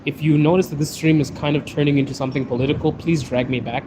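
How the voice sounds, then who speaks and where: A somewhat high-voiced man chats loosely with his viewers while he walks outside in the snow, joking and reading their questions aloud. He is talking into a phone, and faint traffic and street noise sit behind his voice. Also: fairly even intonation, fast. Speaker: livestream host. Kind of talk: casual livestream chat answering viewer questions. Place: outdoors on a snowy city street.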